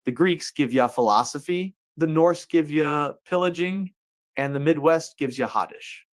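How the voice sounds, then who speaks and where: Putting on folksy voices and tossing out playful asides, a man hosts a comedic monologue show, speaking unhurriedly at a fairly high pitch.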